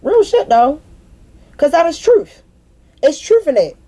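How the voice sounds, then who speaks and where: A woman's voice: high-pitched, sing-song, a little slow, mellow. A young woman venting in an unscripted spiritual monologue, blunt and profane, preaching with repeated emphatic phrases. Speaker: spiritual vlogger.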